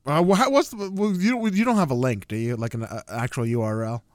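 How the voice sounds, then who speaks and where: A young man co-hosting a casual podcast, talking excitedly with lots of slang. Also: medium pitch, a little fast, dry recording, clean studio sound. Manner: excitable, animated, slangy, says bro. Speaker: podcast co-host.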